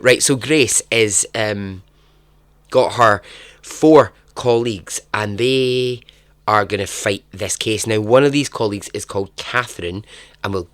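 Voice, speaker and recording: A man, hosting a podcast and telling a true story in a casual, chatty way, breaking into animated asides and frequent laughs. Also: on the low side, dry recording. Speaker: podcast host.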